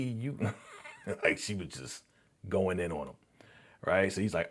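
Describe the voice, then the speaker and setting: A man's voice: low-pitched, normal speed, breathy edge. A young man hosting a live reaction stream, retelling scenes animatedly and answering viewer comments in casual chat. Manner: animated retelling of scenes, acting out characters' lines.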